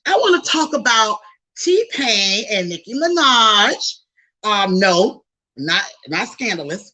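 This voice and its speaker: Woman podcast host, casual gossip chat, animated and slangy, bright forward voice. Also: mid-range voice, low-quality recording. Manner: animated, chatty, slangy asides to listeners.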